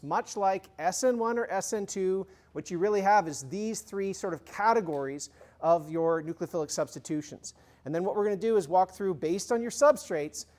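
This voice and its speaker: Speaking with a high, somewhat dark voice, a man runs a chatty university chemistry lecture. He tests students with review questions and drops in lighthearted, informal jokes along the way.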